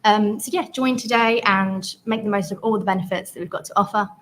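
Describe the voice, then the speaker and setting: A woman who runs a flying club, promoting it in a chatty, bubbly way with quick laughs. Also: medium pitch, a bit bright, a little hiss or hum, low-quality recording. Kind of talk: casual promotional talk.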